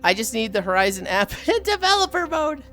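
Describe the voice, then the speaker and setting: A woman's voice: fairly high pitch, a little fast, faint music behind. A woman in her thirties streaming live, chatting casually with her chat and friends, telling stories with lots of laughter. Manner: animated storytelling, laughs often.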